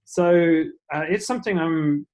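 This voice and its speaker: A man's voice: fairly high pitch, unhurried, darkish tone. A man with an English accent, chatting as a podcast guest in a self-deprecating way with many fillers. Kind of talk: casual interview chat.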